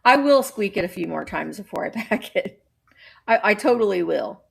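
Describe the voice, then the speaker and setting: A woman's voice: fairly high pitch, lively intonation, unhurried, gravelly. A woman chatting casually while running a live vintage auction, bubbly and playful with sing-song noises.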